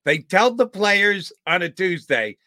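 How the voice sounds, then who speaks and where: A man co-hosting a sports talk show, sounding indignant and argumentative. His voice is bright and edged. The sound is dry, with no room echo. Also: high-pitched, very animated, unhurried. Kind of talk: heated sports talk commentary.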